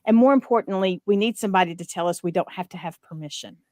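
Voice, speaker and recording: A woman with a Southern accent, a guest in a casual interview, talking in a lively, joking way and laughing often. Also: on the low side, fast talker, dry recording, clean studio sound.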